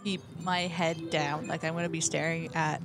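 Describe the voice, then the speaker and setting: A woman at a game table talks casually and a little sheepishly. Music is clearly heard behind her voice. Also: low-pitched, level tone, normal speed. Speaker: player.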